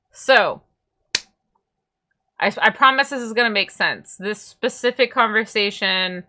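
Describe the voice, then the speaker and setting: A young woman VTuber chats casually on a livestream, rambling and stumbling over her words. Her voice sits fairly low, with a bright, forceful tone.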